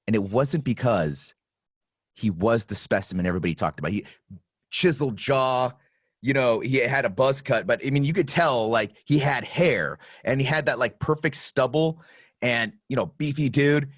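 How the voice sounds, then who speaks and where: A man hosting a podcast in casual chat, telling stories with lots of swearing and animated delivery. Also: mid-range voice, moderate pace, dry recording, clean studio sound. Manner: profane, animated storytelling. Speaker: podcast host.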